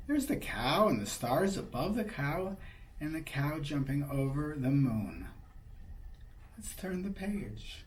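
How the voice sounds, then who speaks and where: An older man reading a picture book aloud to small children, slow and gentle, pointing out the pictures on each page. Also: a little high, very animated, far from the mic. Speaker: storybook reader.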